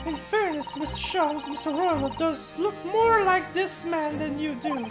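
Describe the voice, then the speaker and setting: A man voicing a polite, gentle young woman assistant in a hesitant falsetto, reading game dialogue. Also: normal speed, music in the background. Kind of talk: reading game dialogue aloud on a live stream.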